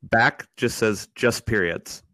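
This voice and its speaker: A man's voice: lowish voice, takes it slowly, pushed and bright, dry recording. A man co-hosting a casual podcast, joking around and repeating himself as he stumbles. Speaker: podcast co-host. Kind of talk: casual chat.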